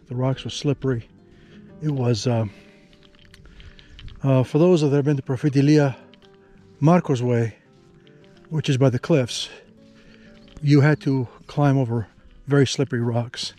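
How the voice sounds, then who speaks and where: A man narrating a hike to the camera on an outdoor canyon trail, easygoing and chatty, thinking aloud with pauses. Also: medium pitch, mellow. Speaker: travel vlogger.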